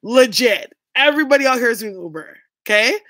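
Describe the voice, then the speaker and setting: A woman's voice: a little high, expressive, a little fast, fairly bright tone, no room sound, clean studio sound. A young woman vlogging, telling a story to her viewers in a blunt, chatty way and swearing freely.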